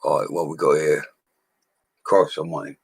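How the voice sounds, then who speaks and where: Slurring drunkenly on a live stream, this bricklayer is a deep-voiced, husky male with vocal fry, little pitch movement, and a normal speaking speed. He's alone in a small room at home, chatting casually to viewers via a laptop mic with no echo, rambling loudly and laddishly and laughing a lot.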